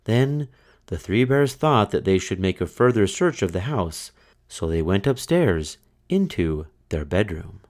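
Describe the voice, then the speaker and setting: A man reading a children's fairy tale aloud in a slow, expressive storytelling manner. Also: deep voice. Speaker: storybook reader. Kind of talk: children's book read-aloud.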